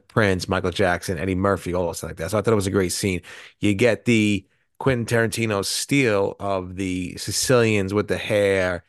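A man's voice: sits low, no echo, clean studio sound. A man co-hosting a podcast, talking through favorite film scenes in a rambling way with frequent restarts. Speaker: podcast co-host. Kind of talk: casual movie review chat.

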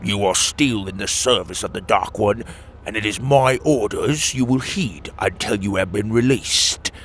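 A man's voice: on the low side, a bit bright, a little hiss or hum. A man voicing a sinister male toad warlord who speaks in a cold, commanding, snarling way, in a storybook reading. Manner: snarling, menacing, slow.

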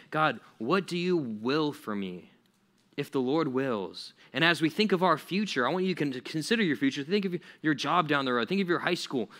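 Bright, chatty young-sounding male preacher. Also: medium pitch. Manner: chatty, many "like" fillers, laughs often. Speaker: pastor. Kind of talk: casual youth sermon.

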